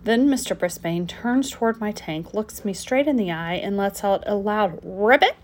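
A woman narrating a children's storybook aloud in the first person of a frog, with gentle, expressive storytelling. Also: medium pitch, moderate pace.

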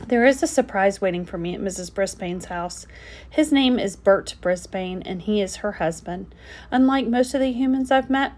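A woman narrating a children's storybook aloud in the first person of a frog, with gentle, expressive storytelling. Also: medium pitch.

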